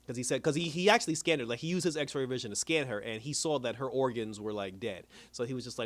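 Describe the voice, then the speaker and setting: Fast-talking casual man recapping a show. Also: mid-range voice, a bit bright. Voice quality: laid-back, slangy, laughs often. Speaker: TV episode reviewer.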